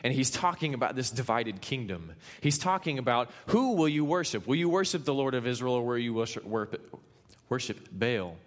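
A man from Kansas preaching a sermon, retelling a story with animated, playful asides. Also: mid-range voice, a little fast, big-room sound. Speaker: pastor.

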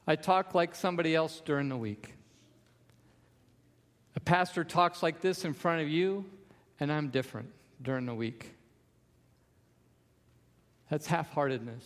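A man's voice: a little high, a little slow, pauses often, in a large hall. A man preaching a sermon as pastor, emphatic, with repeated refrains.

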